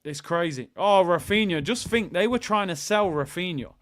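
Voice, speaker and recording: A young man hosts a live football watchalong, talking in a high, bright register. He chats casually to viewers and breaks into excited shouts when the action picks up. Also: moderate pace. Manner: excitable, chatty, bursts into shouts at goals.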